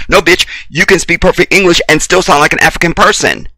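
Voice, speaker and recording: A blunt American man delivers a heated, preachy monologue full of profanity, repeating short phrases for emphasis. His voice is bright and pointed. It is recorded close on a dry mic with no room sound. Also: a little high, fairly even intonation, fast talker, few pauses, dry recording. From United States. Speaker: video commentator. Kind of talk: impassioned commentary rant.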